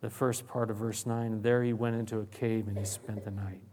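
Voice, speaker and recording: A man preaching a sermon as a pastor, repeating words and restarting, swinging between loud emphasis and hushed, near-whispered lines. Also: lowish voice, level tone, moderate pace, slight background noise.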